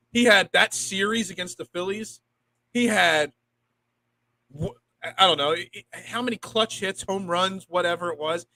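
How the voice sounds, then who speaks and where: Bright-voiced sports podcast man. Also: fairly high pitch, poor audio. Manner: rambling, repeats words when thinking. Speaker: podcast co-host. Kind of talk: casual sports talk.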